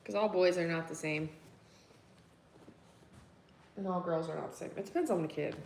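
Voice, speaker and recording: A woman's voice: on the low side, moderate pace, creaky, a little mellow, a little hiss or hum. A woman in her thirties, a mother of three boys, chatting casually and rambling to viewers from her kitchen with a phone mic while doing chores, laughing often. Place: home kitchen.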